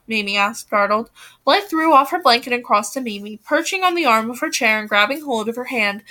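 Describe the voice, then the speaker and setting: Woman, reading a novel aloud, high bright voice, small slips and restarts. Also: normal speed. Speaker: reader.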